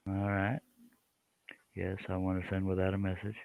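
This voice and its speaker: A man's voice: sits low, completely flat delivery, moderate pace, no echo, narrow, tinny audio. A man hosting a live stream in a rambling, joking, casual chat while he works and greets guests and viewers.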